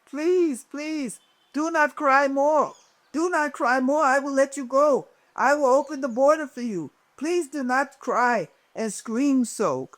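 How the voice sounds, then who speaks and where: A woman voicing a flustered, soft-hearted male border chief who pleads in a raised voice. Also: on the high side, sing-song, measured pace, dry recording, pitched above the performer's own voice. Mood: pleading.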